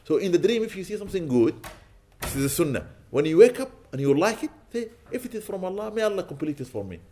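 Man, sheikh preaching, storytelling sermon, fairly high voice, very lively pitch. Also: quick pace, a little hiss or hum. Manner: animated, quotes Arabic then translates. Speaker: sheikh giving an Islamic lecture.

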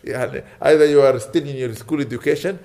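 A man's voice: mid-range voice, fast, a little mellow. Man preaching emphatically in a mosque. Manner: emphatic, repeating points and checking in with "Okay?"; mixes in Arabic phrases and recitation. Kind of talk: sermon.

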